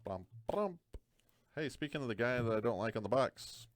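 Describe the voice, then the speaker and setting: A man's voice: medium pitch, fast talker, no echo. A man hosting a live card break, talking through each card with dry joking asides.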